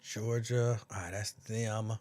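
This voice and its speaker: The host's voice is fairly low and his pace slow as he runs a casual late-night livestream. Animated and laughing, he repeats lines and does impressions of others.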